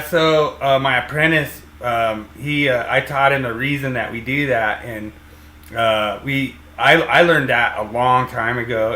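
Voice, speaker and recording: A man's voice: mid-range voice, sharp tone. A man hosting a podcast as an electrician, talking casually and rambling with lots of fillers and restarts. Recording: roomy echo.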